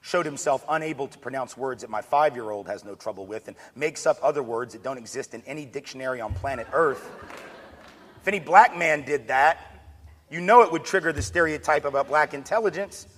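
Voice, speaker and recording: A man giving an energetic public lecture with joking asides. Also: medium pitch, fairly quick. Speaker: speaker on diversity. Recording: long hall reverb.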